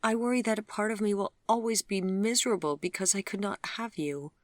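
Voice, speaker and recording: A narrator voicing a heartbroken, tearful young woman pleading in an audiobook love story, the voice raised high. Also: lively intonation, fairly quick, no room sound, studio quality, close to an everyday voice. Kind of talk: audiobook dialogue.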